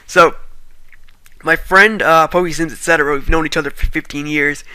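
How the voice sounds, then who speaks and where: Bright-voiced Irish young man. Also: fairly high pitch, steady tone, moderate pace, smooth, no echo. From Ireland. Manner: chatty, self-deprecating, rambling. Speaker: YouTuber reading a creepy story. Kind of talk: casual intro then story reading.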